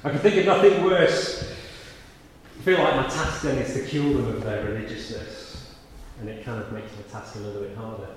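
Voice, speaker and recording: A man's voice: medium pitch, steady tone, moderate pace, slight background noise. A man giving a sermon in a church, preaching conversationally and sometimes rising to sudden emphatic peaks. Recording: echoey church hall with faint ambience.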